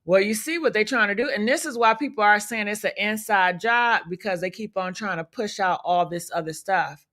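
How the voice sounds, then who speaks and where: A woman hosts loud, unfiltered gossip commentary on a livestream at a moderate pace, her medium-pitched voice fairly bright. She comes across as profane, sassy, and combative, throwing out rhetorical questions.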